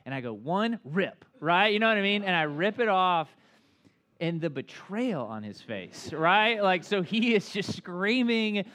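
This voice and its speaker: A man in his thirties gives a sermon in a chatty, joking way, with a slightly high voice. He keeps checking in with the listeners and pokes fun at himself as he goes. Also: big pitch swings, measured pace, bright, forceful tone. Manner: conversational, filler-heavy, asks the crowd often; self-deprecating humor. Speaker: pastor.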